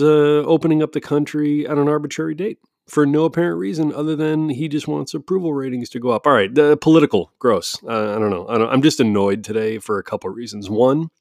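A man's voice: medium pitch, dry recording. Podcast host, man, mid-range voice, sarcastic casual rant with plenty of swearing, dead-dry close mic. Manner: sarcastic and blunt, swears freely, restarts often.

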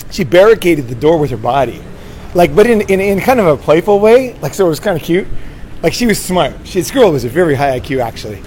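A man's voice: on the high side, a little mellow, a little hiss or hum. A man giving relationship advice in a rambling casual monologue, often tagging lines with "right?" and restarting his sentences. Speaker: dating advice speaker.

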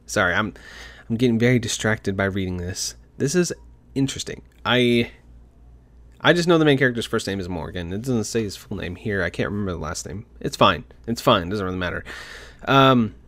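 Male gaming commentator, mid-range voice, excitable and gushing, quick with restarts. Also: mid-range voice. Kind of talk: reading a game article aloud with commentary.

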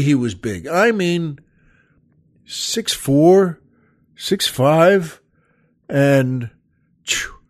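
A man hosting his own comedy show, telling a long, meandering story in a halting way, with plenty of "uh"s and chuckled asides. His voice sits a little high and sounds close and dry, with no room around it. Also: darkish tone, no echo. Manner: halting, full of fillers and restarts, chuckling asides. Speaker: comedian host. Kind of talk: rambling comic storytelling monologue.

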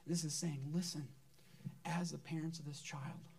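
A gravelly, darkish-toned man with a fairly high pitch preaches a sermon in his church sanctuary at normal speed and in a steady tone. As pastor, he speaks earnestly, repeating words frequently for emphasis.

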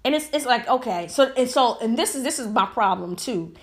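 A woman's voice: fairly high pitch, lively intonation, brisk. A woman giving a heated, emphatic opinion monologue full of rhetorical questions. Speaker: commentator.

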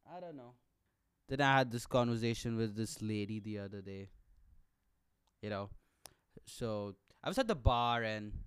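A young man with an Indian accent and a hoarse, coughing throat, ranting sarcastically and profanely in a casual solo podcast. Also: mid-range voice, no room sound. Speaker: podcast host.

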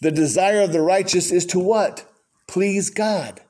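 A man preaching a sermon as pastor, folksy and animated, with conversational asides. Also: high-pitched, measured pace.

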